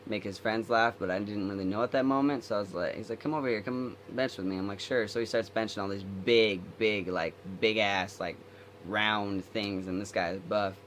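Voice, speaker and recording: Young guy telling a school story on his vlog, kinda low voice, rambly, bit of background hum. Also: steady tone, normal speed, fairly bright tone. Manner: rambling, filler-heavy retelling. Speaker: vlogger.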